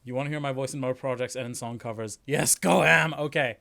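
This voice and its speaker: A man hosting a stream, chatting in a relaxed way and thinking aloud. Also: mid-range voice, a little fast, gravelly. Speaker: streamer host. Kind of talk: casual chat on a stream.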